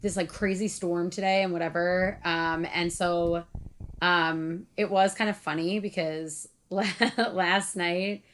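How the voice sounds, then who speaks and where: A woman's voice: on the low side, steady tone, takes it slowly. A young woman co-hosting a podcast, chatting casually with lots of "like" and frequent laughter. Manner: rambling, heavy use of "like", laughs often. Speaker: podcast co-host. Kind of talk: casual chat.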